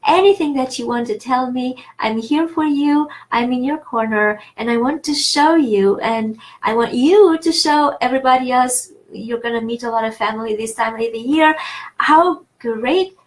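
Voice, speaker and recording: A woman's voice: a little high, moderate pace. Chatty encouraging woman tutoring French. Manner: chatty and encouraging, many fillers and restarts. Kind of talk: online language lesson.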